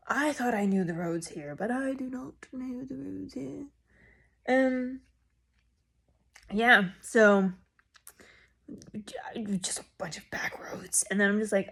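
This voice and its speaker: A young woman vlogger telling a rambling story casually to a phone camera. She jumps in volume and pitch when she quotes herself. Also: measured pace, vocal fry, long pauses. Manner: animated and rambling, with sudden loud jumps when quoting herself.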